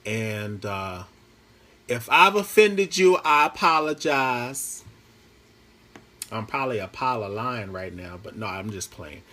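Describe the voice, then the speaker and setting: A man's voice: lowish voice, animated, a little slow, bright, forceful tone. A man talking into his phone on a live stream from home, chatty and rambling, mixing playful jokes with earnest pleas. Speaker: Facebook Live host. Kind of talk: casual live-stream monologue.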